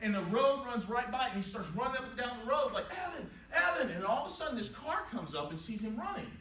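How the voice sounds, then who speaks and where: A man's voice: very high-pitched, fast. A man from West Virginia giving an inspirational speech to students, telling a story and acting out the quotes with changing voices. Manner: animated, acts out quotes with voice changes. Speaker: motivational speaker. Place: large hall before a live audience. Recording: roomy, distant, noisy live hall recording.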